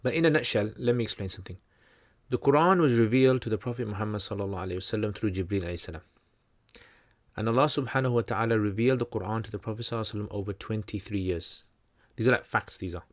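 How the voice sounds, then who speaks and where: Here the channel host, a man with a fairly low voice, fields livestream questions while talking very fast. He teaches in a loose, chatty way at length, frequently doubling back to restart sentences amid plenty of fillers.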